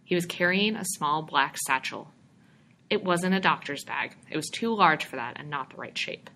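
A woman giving a steady audiobook narration of a short story. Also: low-pitched, normal speed, slight background noise. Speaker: reader.

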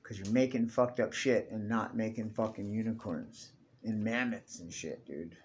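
A man's voice: lowish voice, moderate pace, darkish tone, a little hiss or hum. A young man ranting casually to camera, profane and rambling, tacking "dude" onto everything. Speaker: vlogger.

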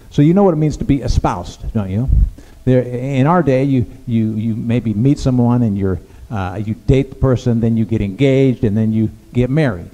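A male pastor preaching a sermon in a conversational, halting way, with frequent restarts and fillers. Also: mid-range voice, warm tone, in a large hall, poor audio. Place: church sanctuary.

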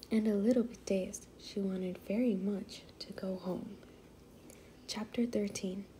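A woman reading a children's book aloud in a soft, half-whispered voice. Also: mid-range voice, a little hiss or hum. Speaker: read-aloud narrator.

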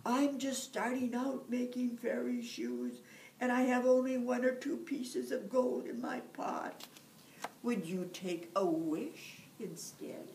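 A woman's voice: takes it slowly, darkish tone, recorded from a distance, a little hiss or hum. A woman playing a crafty little leprechaun. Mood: pleading. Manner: high, pleading, crafty. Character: small clever male leprechaun. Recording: echoey room, from afar.

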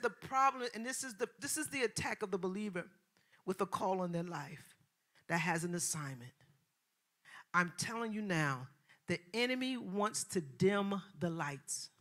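A woman pastor preaching a sermon in a colloquial way, repeating phrases and rising from hushed passages to loud, shouted preaching. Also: mid-range voice, a little slow, pauses often. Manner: colloquial, repeats phrases, acts out quoted voices.

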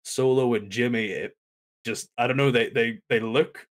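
A man's voice: medium pitch, animated, measured pace. A man hosting a podcast, animatedly recapping a wrestling segment and acting out the lines he quotes. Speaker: podcast host.

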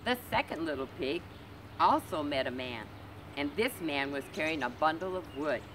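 A woman librarian reading a storybook aloud to children, gentle and expressive. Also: low-pitched, normal speed, noisy background. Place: community library.

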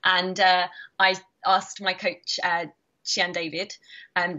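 A British woman in her thirties, a karate champion, chatting in an interview and telling animated stories with frequent laughter. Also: fairly low pitch, slow, highs cut off. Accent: British English. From Britain. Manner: animated storyteller, laughing often, acting out quotes. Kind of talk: casual interview chat.

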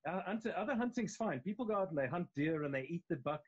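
A man's voice: high voice, animated, fast talker, husky, lo-fi sound. A man with a South African accent, an actor chatting loosely as a guest on a live video interview. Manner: loose and conversational, with many restarts. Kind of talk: casual interview chat.

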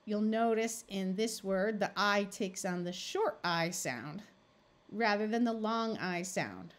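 A woman tutor teaching a phonics lesson, explaining slowly and sounding out words syllable by syllable. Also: medium pitch, expressive. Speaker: reading tutor.

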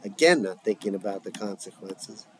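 A man voicing a calm, probing male therapist as he reads a script aloud in a measured, questioning way. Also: lowish voice, slight background noise, voice pushed down, poor audio.

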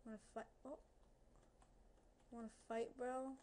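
A woman's voice: a little high, flat delivery, unhurried, mellow, a little hiss or hum. Nervous young woman narrating her gameplay. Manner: nervous, chatty, talks to the game's creatures and to viewers. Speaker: gaming video creator. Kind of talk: casual gameplay commentary. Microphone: headset.

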